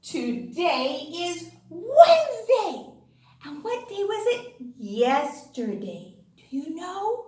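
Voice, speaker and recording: High sing-songy woman teacher doing phonics for little kids, super slow and drawn out, echoey room. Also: sing-song, darkish tone. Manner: exaggerated, sing-song and cheerful for young children, gasping before each answer. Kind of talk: children's class lesson.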